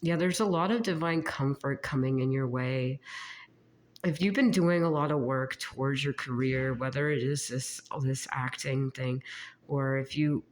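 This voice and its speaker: The speaker is a psychic reader with an ill-sounding, medium-pitched voice. Her informal spiritual channeling session meanders and stalls, punctuated by frequent giggling.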